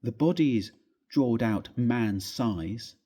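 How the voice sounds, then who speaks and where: A man narrating a classic ghost story as a dramatic reading in a church, hushed and suspenseful, with long pauses. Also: medium pitch, lively intonation, husky.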